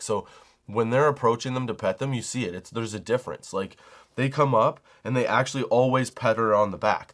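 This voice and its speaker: Brief: young male comic host, loose and rambling, profane, storytelling mode. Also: lowish voice. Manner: rambling, animated, swears casually. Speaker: comedy podcast host. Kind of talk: casual storytelling monologue.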